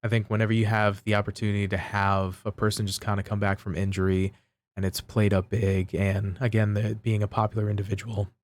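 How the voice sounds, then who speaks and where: A man co-hosting a casual wrestling chat, recapping events in a measured, step-by-step way. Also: lowish voice, completely flat delivery. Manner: measured, recaps step by step with fillers like "type of thing". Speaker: podcast co-host.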